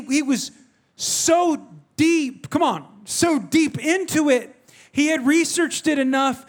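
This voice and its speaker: A middle-aged man delivers a sermon in a strikingly high-pitched voice. He tells his story with animated energy and keeps turning to the congregation to speak to them directly. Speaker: pastor.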